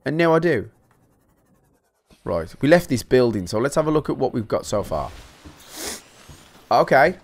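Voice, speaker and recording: A man talks through a game he is playing, rambling into jokey rants aimed at his viewers. His voice sits at an ordinary middle pitch, and his chatter is loose and full of swearing. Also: sing-song, normal speed, long pauses. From England. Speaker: gaming YouTuber. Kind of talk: casual let's-play commentary.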